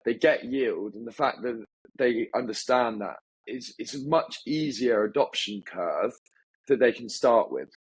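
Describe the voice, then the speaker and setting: In a casual interview, a male agency founder speaks in an animated, mid-range voice with a breathy quality. He comes across as cheerful and chatty, talking in quick bursts with many restarts. The recording quality is low.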